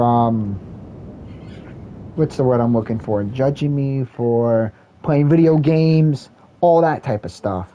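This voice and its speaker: This man's voice is fairly high with a dark tone, captured in a rough recording with a bit of hiss or hum. He's a gaming vlogger ranting casually mid-game, rambling repetitively and constantly restarting his sentences.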